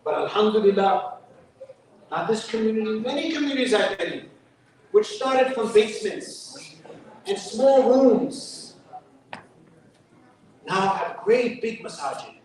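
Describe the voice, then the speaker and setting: At a mosque fundraiser, a guest speaker with a New York accent gives a conversational sermon full of joking asides and Arabic quotes. His voice sits high and has a darkish tone; he's expressive but a little slow, with long pauses. It was recorded from a distance in an echoey hall.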